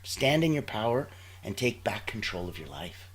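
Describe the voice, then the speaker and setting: A man's voice: fairly low pitch, sing-song, moderate pace, slightly rough. A man hosting a live online show in an upbeat, playful way, with sound-effect interjections. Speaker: show host.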